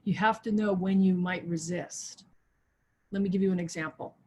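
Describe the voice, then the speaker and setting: A woman pastor preaching a sermon over a video call, swinging from loud, soaring exhortation to a hushed prayer voice. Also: fairly low pitch, fairly even intonation, moderate pace, a little hiss or hum. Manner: impassioned, rises loud then drops to hushed prayer. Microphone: video call mic.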